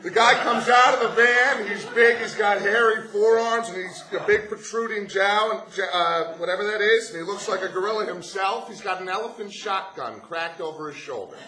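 Man, high voice, bright tone, live comic storytelling, deadpan detail, roomy echo. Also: moderate pace, few pauses. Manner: chatty, builds up the joke with deadpan detail.

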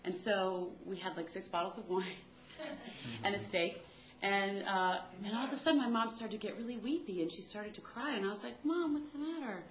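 A woman's voice: medium pitch, moderate pace, reverberant, rough recording. A woman telling a rambling, self-deprecating comic story about her family in a chatty way.

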